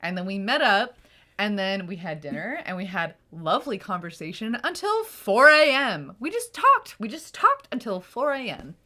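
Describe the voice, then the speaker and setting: A woman in her late twenties with a mid-range voice chats with her best friend on a podcast. She keeps it relaxed and conversational, and she says "like" a lot. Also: mid-range voice, normal speed. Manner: relaxed, conversational, with frequent "like" and short backchannels. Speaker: podcast co-host. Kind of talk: casual chat between friends.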